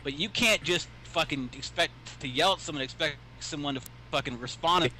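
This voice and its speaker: A man's voice: fairly high pitch, moderate pace, pushed and bright, slight background noise. A man in a heated casual radio chat, bluntly lecturing and swearing.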